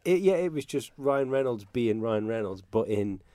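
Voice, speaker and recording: A man's voice: medium pitch, lively intonation, normal speed, mellow, no room sound. A man chatting casually about films, hesitant with restarts and fillers.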